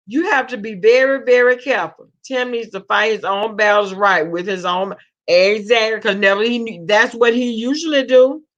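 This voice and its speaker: A woman with a slightly high voice chats casually on a live stream at a normal speed, reading the chat and greeting viewers as "babe" with Southern slang. The stream audio is lo-fi and dull.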